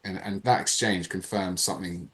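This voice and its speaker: A man, a podcast guest, telling a personal story in a lively, animated way. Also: low voice, moderate pace. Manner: animated, reenacts dialogue in changing voices. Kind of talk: casual storytelling.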